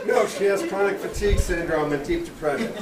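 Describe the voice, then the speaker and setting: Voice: medium pitch, brisk. An audience member at a comedy club giving short, reluctant answers. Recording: distant, roomy, noisy club with crowd.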